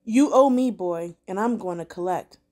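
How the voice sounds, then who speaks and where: A woman's voice: medium pitch, moderate pace, warm tone, lightly acted. A woman voicing a cocky young male street dealer who mocks and orders others around. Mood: mocking. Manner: cocky, mocking, bossy.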